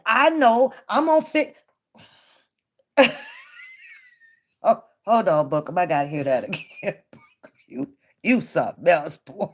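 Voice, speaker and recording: A woman's voice: fairly low pitch, lively intonation, slow, long pauses. A woman hosting a reaction channel, giving blunt, profane commentary on a clip and laughing often.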